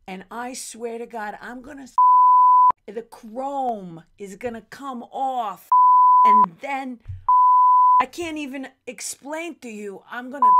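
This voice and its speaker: A woman playing a lewd, desperate dating contestant, gravelly. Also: fairly high pitch, heavy background noise. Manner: brash and lewd, drawn-out delivery. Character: crude, desperate female dating-show contestant. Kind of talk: comedy sketch.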